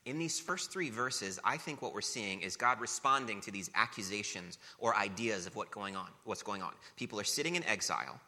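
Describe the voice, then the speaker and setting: Male pastor, sermon, fairly low voice with a very sharp, forceful edge. Earnest, repeats for emphasis, long hall reverb. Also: moderate pace, few pauses. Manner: earnest, rhetorical questions, repetition for emphasis.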